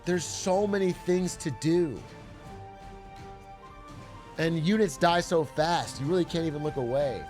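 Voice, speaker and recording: A man's voice: a little high, a little slow, long pauses, a little mellow. A young man streaming a strategy game, chatting casually, joking, swearing and talking himself through nerves. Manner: jokey, swears, repeats himself when nervous. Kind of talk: casual gameplay chat. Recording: faint game music behind.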